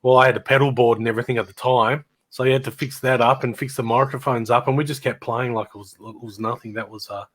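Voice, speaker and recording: A man's voice: medium pitch, steady tone, quick pace, few pauses. A middle-aged Australian man telling rambling stories about his old band in casual chat, laughing and imitating people as he goes.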